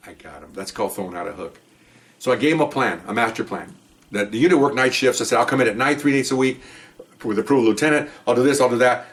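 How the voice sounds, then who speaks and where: An older man, a retired police officer, telling a rambling story in a casual monologue, jumping up into an excited voice when he jokes. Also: fairly quick. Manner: rambling, animated, jumps into a high excited voice when joking.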